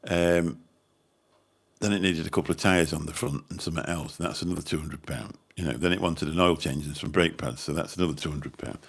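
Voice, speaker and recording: A husky bass voice with vocal fry belongs to a man from Birmingham, England. He's a channel host casually rambling to viewers on a livestream, chatty and mildly sweary.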